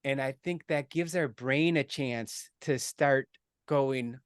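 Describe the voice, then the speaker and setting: A man's voice: medium pitch, measured pace, smooth, no room sound, studio quality. A middle-aged man giving an earnest, conversational explanation as a podcast guest, often checking in with "right?" and restarting his words.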